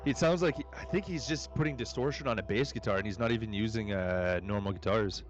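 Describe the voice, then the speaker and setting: A man's voice: lowish voice, fast. A man co-hosting a podcast, talking about music in a laid-back way and swearing freely. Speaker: podcast co-host. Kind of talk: casual chat about music.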